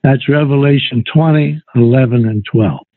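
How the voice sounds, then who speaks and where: A man leading a Bible study, reading scripture aloud and explaining it in a slow, deliberate way over a phone line. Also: mid-range voice, dry recording. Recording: tinny phone-line recording.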